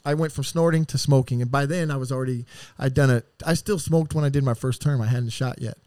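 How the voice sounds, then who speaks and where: A man's voice: mid-range voice, quick pace, a little mellow, dry recording. A man telling stories as a podcast guest in a casual, rambling way, with heavy swearing and streetwise slang. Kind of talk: casual storytelling.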